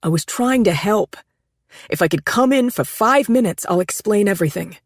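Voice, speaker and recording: A woman's voice: medium pitch, expressive, normal speed, no room sound, clean studio sound, voice pushed up. A woman voicing a desperate man who pleads urgently and insistently in a storybook reading. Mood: pleading. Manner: urgent, raised, pleading delivery.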